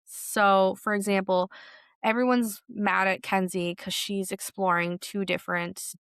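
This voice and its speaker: A young woman hosts a podcast and talks through reality TV gossip in a loose, chatty way, filling her sentences with "like". Her voice has a gravelly fry, and the recording is dry and close. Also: medium pitch, measured pace, no echo. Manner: chatty, animated, full of "like" fillers. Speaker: podcast host. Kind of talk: solo pop culture commentary.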